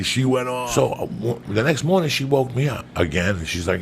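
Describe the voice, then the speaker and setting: A man hosting a podcast, telling a long personal story in casual, profanity-laced talk, swinging between loud bursts and hushed asides. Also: mid-range voice, brisk, vocal fry, few pauses, slight background noise. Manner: profane, animated storyteller who drops to hushed tones for quotes. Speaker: podcast host.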